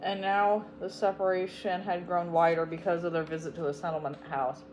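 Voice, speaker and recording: A woman hosting her own channel, reading a children's storybook aloud with expressive, emphatic delivery. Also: lowish voice, brisk, a little hiss or hum, rough recording. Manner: expressive, emphatic, tender at sad parts. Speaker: audiobook reader, channel host.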